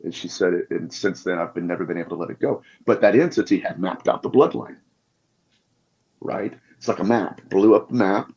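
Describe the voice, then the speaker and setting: Deep-voiced man telling stories, muffled. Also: fairly quick, vocal fry, darkish tone. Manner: passionate storytelling. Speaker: guest demonologist. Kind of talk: podcast interview anecdotes. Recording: dull lo-fi audio.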